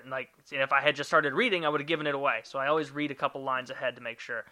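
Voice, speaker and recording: A man's voice: medium pitch, steady tone, racing, few pauses, sharp tone. A man hosting a casual podcast, reading out listener questions and wandering into loose, profane asides. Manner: loose and profane, rambling asides, hums filler syllables. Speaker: podcast host.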